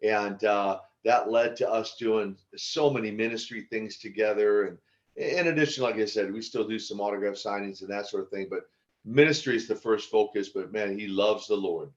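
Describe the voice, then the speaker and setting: A man in his sixties, a former pro wrestler, telling stories as a podcast guest in an animated way with laughs and restarts. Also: on the low side, normal speed. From United States. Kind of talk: casual storytelling interview. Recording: dull lo-fi audio.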